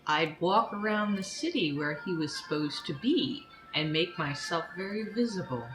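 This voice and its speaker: A woman's voice: lowish voice, lively intonation, moderate pace, a bit bright, echoey room, faint music behind, poor audio. A woman playing a tabletop game, chatting casually and laughing easily. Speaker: player.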